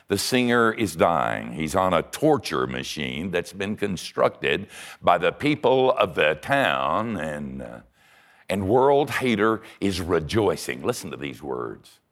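A man delivering a sermon in a low voice with a gravelly edge. He tells stories with wide, lively swings of pitch, sometimes falling almost to a hush and sometimes climbing to a shout. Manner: animated storyteller, swinging from hushed to shouting. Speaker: preacher.

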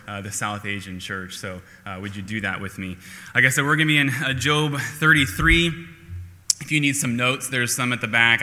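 A man's voice: on the low side, pushed and bright, long reverb tail. A man preaching a sermon to his church in a casual, self-deprecating way, with many fillers and restarts. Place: church sanctuary.

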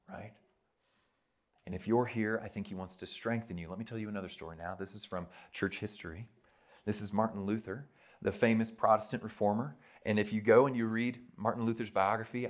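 A man preaching a sermon at a church retreat, talking conversationally and stressing his points with quick asides. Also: fairly low pitch. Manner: conversational and emphatic, tags points with "right?".

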